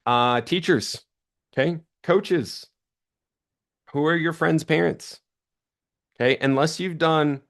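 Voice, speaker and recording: A young man runs a motivational sales training session, speaking to a live audience. He tells stories in a lively, casual way and slips into the voices of the people he quotes. His voice sits at an ordinary pitch. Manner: animated storytelling, acts out quoted voices.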